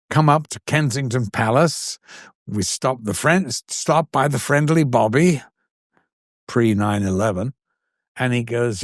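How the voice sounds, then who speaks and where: A man's voice: mid-range voice, unhurried, dry recording, studio quality. Older English man telling vivid anecdotes. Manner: animated, acts out quoted voices in anecdotes. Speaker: actor and guest. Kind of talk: anecdotal storytelling.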